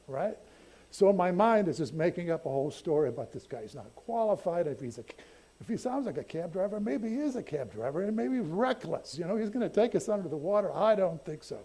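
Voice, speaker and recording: Older man, pastor, chatty sermon storyteller with a breathy, mellow voice. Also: fairly high pitch. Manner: conversational, self-deprecating, halting restarts. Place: church sanctuary.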